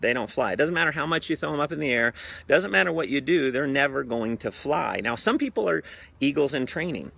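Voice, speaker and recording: A man, slightly out of breath, giving an energetic motivational talk outdoors by a pool. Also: on the high side, a little fast, gravelly. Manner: energetic storyteller, animated voices. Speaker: network marketing trainer.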